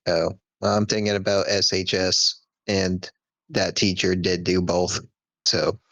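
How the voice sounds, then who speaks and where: A man's voice: low-pitched, flat delivery, slow pace, fairly bright tone, no echo, low-quality recording. A man co-hosting a podcast, laid-back and teasing, sometimes sitting back from his mic. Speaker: podcast co-host. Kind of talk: casual chat. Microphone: podcast mic, sometimes held at a distance.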